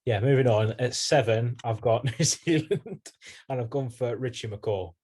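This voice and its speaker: A young man co-hosting a podcast, dry and brisk, keeping the chat moving with short deadpan replies. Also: medium pitch, breathy edge. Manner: dry, brisk, moves things along. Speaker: podcast co-host. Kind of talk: casual banter.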